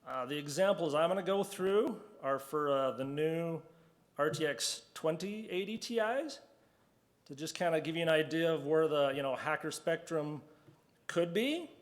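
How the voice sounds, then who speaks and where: A man's voice: a little high, measured pace. A man giving a casual conference talk, chatty and acting out quoted reactions in a conference hall. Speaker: conference speaker.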